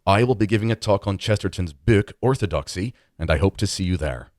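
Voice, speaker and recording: A man's voice: low voice, animated, a little fast, darkish tone, dry recording, studio quality. A man doing a regal Irish priest. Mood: stately. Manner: regal, stately delivery.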